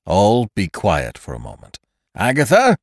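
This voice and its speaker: A man's voice: fairly low pitch, big pitch swings, measured pace, no echo, full character voice. A man doing a shaky old banker. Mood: distressed. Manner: shaky, groaning. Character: old small-town banker, proud and shaken.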